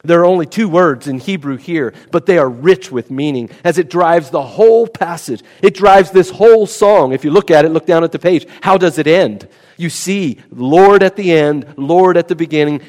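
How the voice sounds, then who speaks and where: A man delivers a teaching sermon in a fairly high voice, pressing his points and circling back to key words. His voice carries a long reverb from a large church hall. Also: a little mellow. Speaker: preacher. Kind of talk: expository sermon.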